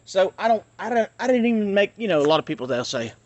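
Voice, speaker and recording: A man's voice: high-pitched, very animated, quick pace, darkish tone, no room sound, lo-fi sound. A man ranting bluntly to his channel, recording on a handheld phone outdoors near traffic. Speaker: channel host.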